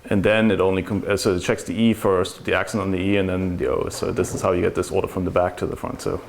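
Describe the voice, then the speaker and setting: Man, low voice, technical conference speaker, explanatory, faint background noise. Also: little pitch movement, fast, creaky. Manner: explanatory, asks rhetorical questions.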